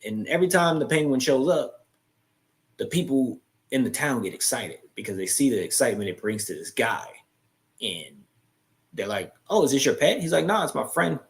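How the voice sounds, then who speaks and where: A young adult man hosting a live chat, casually retelling a movie's plot and acting out its lines in quick quoted voices. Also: fairly low pitch.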